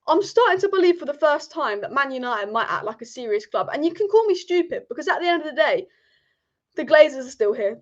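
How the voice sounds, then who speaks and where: Fast-talking passionate woman football host. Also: high-pitched. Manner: passionate, ranting, repetitive. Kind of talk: live-stream fan commentary. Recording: dull lo-fi stream audio.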